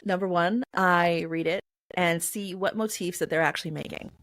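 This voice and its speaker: Woman guest, chatty and animated, lowish voice, dry close sound. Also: moderate pace, no room sound, low-quality recording. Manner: chatty, animated, heavy on filler phrases. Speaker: poetry reader and performer, interview guest. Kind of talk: explanatory interview answers.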